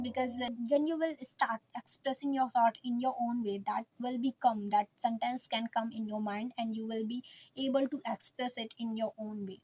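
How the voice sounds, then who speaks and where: A woman's voice: on the high side, darkish tone, rough recording. Earnest woman coaching learners. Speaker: English teacher. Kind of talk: casual spoken lesson to camera.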